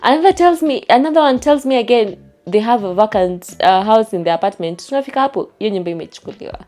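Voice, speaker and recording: Speaking quickly and expressively, a young woman with a Kenyan accent and a fairly high, slightly mellow voice chats through a storytime vlog, repeating herself often. She's at home packing up to move, with soft music in the background.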